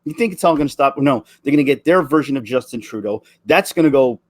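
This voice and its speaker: A man's voice: medium pitch, animated, no echo. Guy, 40s, impassioned vlog rant, stop-start delivery, dry close recording. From Canada. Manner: earnest, emotional, halting with many restarts. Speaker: vlogger.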